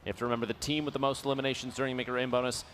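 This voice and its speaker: A man's voice: medium pitch, little pitch movement, rapid-fire, noisy background. A man giving analytical color commentary at an esports tournament, quoting scores and rules. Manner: analytical, stat-focused, calls the numbers.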